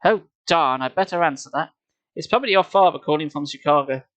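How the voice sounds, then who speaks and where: A man's voice: on the high side, a little fast, a bit bright, no echo, natural voice. A man voicing a caring mother calling out to her teenage daughter. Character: cheerful caring mother of a teen girl.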